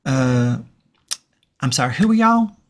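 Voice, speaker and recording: A man voicing a confused, college-age farm boy, a bit higher than his own voice. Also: very animated, unhurried. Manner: hesitant, confused questions.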